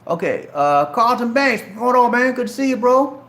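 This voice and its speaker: A man's voice: very high voice, sing-song, moderate pace, a bit bright, roomy sound. A middle-aged man from Charleston, South Carolina, with a light Southern Geechee accent, casually answering viewer questions on a live stream and talking directly to viewers. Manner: chatty, addresses viewers directly as man and bro.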